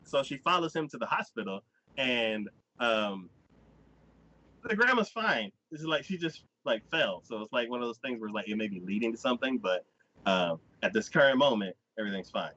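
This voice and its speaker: A male podcast host tells a story in casual chat, his pitch rising and falling widely as he slips into the characters' voices. His tone is bright and forceful. The recording is dry and dull, with a lo-fi feel. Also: moderate pace. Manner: animated storyteller who acts out characters' lines in quoted voices. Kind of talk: casual chat recapping an anime.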